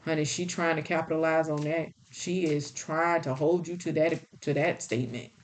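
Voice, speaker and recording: A woman's voice: deep voice, fairly even intonation, moderate pace, a little hiss or hum. A woman giving a spiritual tarot reading in a blunt, folksy, scolding way. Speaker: tarot reader.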